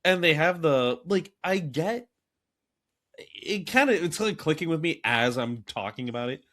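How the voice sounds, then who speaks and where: A man co-hosting a casual movie podcast, rambling and animated, dropping into quick acted quotes. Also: fairly high pitch. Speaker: podcast co-host.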